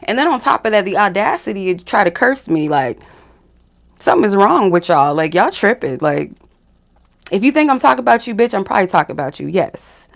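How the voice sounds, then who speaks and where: A woman's voice: mid-range voice, very animated, brisk, creaky. A woman hosting her spiritual reading channel, talking frankly to camera in a casual monologue full of fillers and asides. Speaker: spiritual reader and channel host.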